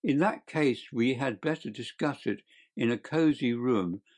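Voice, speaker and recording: A man reading an audiobook, voicing a calm, clever detective who speaks in a bland, measured way. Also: medium pitch, natural voice. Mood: composed.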